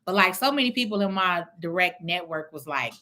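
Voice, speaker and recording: A woman's voice: fairly low pitch, fairly quick. A middle-aged woman from Chicago hosting a casual livestream, talking bluntly and profanely as she answers viewer comments. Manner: blunt, profane, animated talk. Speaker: real estate investor hosting a livestream.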